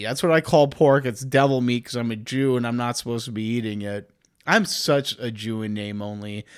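Profane rambling man, higher voice. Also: clear, resonant tone. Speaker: podcast host. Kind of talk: casual comedic monologue.

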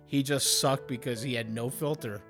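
A man hosting his own podcast alone, ranting and rambling with lots of swearing, jumping from loud outbursts to low mutters. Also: fairly even intonation, normal speed, over music. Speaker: podcast host. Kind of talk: solo podcast rant. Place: home setup, recording alone.

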